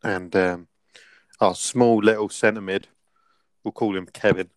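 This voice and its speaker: A man's voice: on the low side, fairly even intonation, takes it slowly, dry recording. A young man casually telling a rambling anecdote as podcast co-host, laughing often. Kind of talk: casual storytelling.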